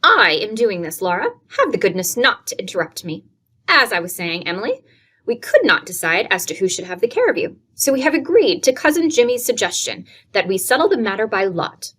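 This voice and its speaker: A woman's voice: mid-range voice, sing-song, fairly quick, fairly bright tone, husky, pitched above the performer's own voice. A woman reading aloud and voicing a proud, stern aunt who speaks coldly and commandingly. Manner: cold, clipped, commanding. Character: stern, proud, cold middle-aged aunt.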